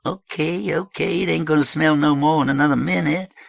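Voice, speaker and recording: A man voicing a whiny, excitable young male squatter in an audiobook. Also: a little fast, gravelly, no room sound. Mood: sullen. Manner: high whiny complaining.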